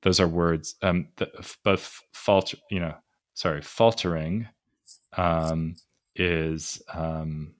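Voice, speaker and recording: A podcast host who asks probing questions about a poem, halting and correcting himself as he goes. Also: low-pitched, steady tone. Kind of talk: casual podcast discussion of a poem.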